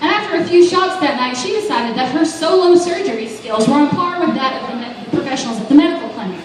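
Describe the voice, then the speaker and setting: A woman's voice: high-pitched, animated, quick pace. A young woman doing a stand-up comedy set, telling self-deprecating stories and chatting with the crowd. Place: bar open mic stage. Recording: echoey room, distant mic, background noise.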